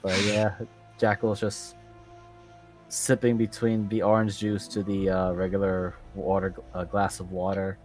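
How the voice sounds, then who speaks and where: Male player, even and measured, lowish voice. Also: soft background music. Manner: measured, describes his character's actions. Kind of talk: casual tabletop game chat.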